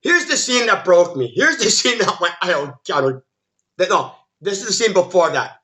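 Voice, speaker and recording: Guy with a high bright voice tearing apart a movie, cussing and tripping over his words. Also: big pitch swings, moderate pace. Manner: exasperated, swearing, many stammered restarts. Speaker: film reviewer. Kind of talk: ranting movie review.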